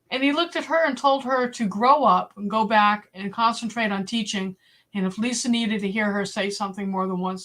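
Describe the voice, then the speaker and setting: A woman in her sixties with a Boston accent hosts a casual livestream. She tells stories in a blunt, lively way and puts on the voices of the people she quotes. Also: mid-range voice. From Boston area. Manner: blunt, animated storyteller, acts out quoted voices. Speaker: livestream host. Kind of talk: casual storytelling to a live chat.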